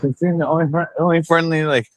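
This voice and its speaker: A man's voice: fairly high pitch, steady tone, fast, no echo. A tipsy man live streaming while walking outdoors, rambling and bantering rowdily with his chat on a handheld phone. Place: outdoors on town streets.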